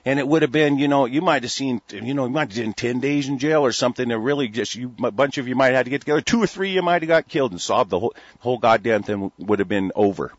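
A man's voice: medium pitch, fast talker, few pauses, dry recording. A man from the United States in a heated, rambling talk-radio rant, stammering through restarts and swearing freely. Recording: dull lo-fi recording.

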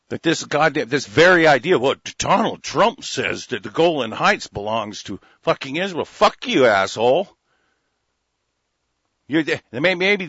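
A man's voice: medium pitch, no echo, lo-fi sound. A man delivering an angry, profane political rant, hurling insults. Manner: furious, profane, shouting insults.

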